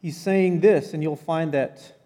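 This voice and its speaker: A pastor giving a sermon in a church, telling the story in a conversational, animated way with casual asides. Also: male voice, on the high side, unhurried, long reverb tail. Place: church sanctuary.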